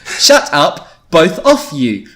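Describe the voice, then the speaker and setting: Casting: bossy teen ninja girl, shrill and high, firm and commanding, put on by a man. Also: a little slow. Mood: shouting. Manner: shrill, exaggerated reading of own teen story.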